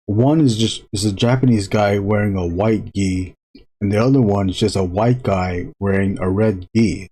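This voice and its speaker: A man chatting casually to viewers while drawing on a live stream, rambling with frequent halting restarts. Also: fairly low pitch, mellow, breathy edge.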